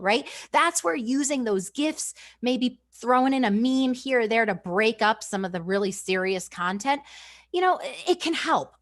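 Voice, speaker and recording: A woman leading an online training session for teachers, talking in an energetic, chatty way and often checking in with the listeners. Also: a little high, moderate pace. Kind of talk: live online professional development presentation.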